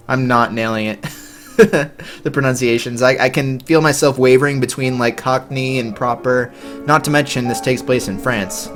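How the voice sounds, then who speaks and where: A man's voice: medium pitch, fairly even intonation, normal speed, a bit bright, soft background music. A man casually commenting while streaming a game, offhand, chatty and self-mocking.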